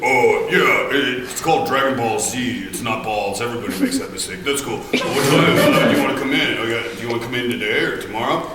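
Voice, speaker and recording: A man's voice: mid-range voice, animated, brisk, hardly any pauses, heavy background noise, natural voice. A man doing an impression of a distracted, laid-back man on a phone call, rambling and repeating himself. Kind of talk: impression in a panel anecdote. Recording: echoey hall from far off.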